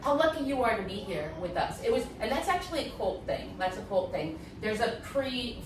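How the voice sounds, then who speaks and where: A woman guest telling her story in a candid, animated way, acting out voices with many fillers. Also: a little high, moderate pace, background noise. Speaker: interview guest, former acting student. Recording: echoey room, voice from a distance.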